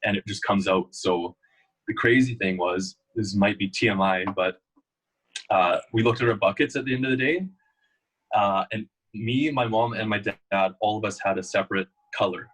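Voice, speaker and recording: A man's voice: lowish voice, normal speed, a bit bright, slightly rough, rough recording. A young man, a guest in a casual interview, telling rambling stories full of fillers. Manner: storytelling, loose and rambling with many fillers.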